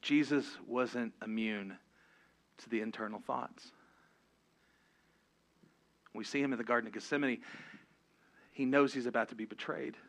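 Bright-voiced impassioned preacher man. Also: medium pitch, unhurried, long pauses. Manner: impassioned, swings from loud exhortation to hushed confession. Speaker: pastor. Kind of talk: sermon.

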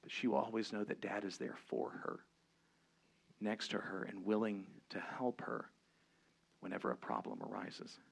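A man preaching a sermon, earnest, switching between low emphatic points and lively storytelling. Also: normal speed, creaky, husky. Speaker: pastor.

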